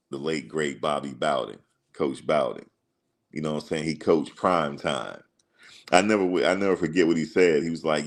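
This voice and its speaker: Man hosting a sports stream, extremely deep voice, rambling storyteller. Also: normal speed. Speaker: host. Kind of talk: casual livestream commentary.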